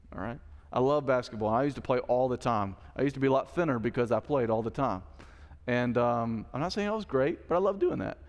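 A man's voice: mid-range voice, big-room sound. A male pastor preaching a sermon in a conversational style, with asides to the congregation. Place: church sanctuary.

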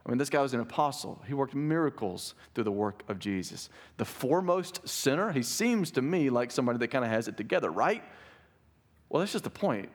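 A man's voice: medium pitch, very animated, brisk. A man delivers a sermon as a pastor in a church. His preaching is earnest but conversational, and he often checks in with his listeners as he goes.

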